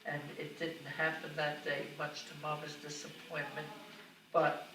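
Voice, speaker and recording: Brief: older woman, warm anecdotal family storyteller, recorded from a distance in a roomy space. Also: sits low, monotone, measured pace. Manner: fond, anecdotal, with small laughs. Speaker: narrator of her mother's life. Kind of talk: oral history storytelling. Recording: roomy, distant mic, faint noise.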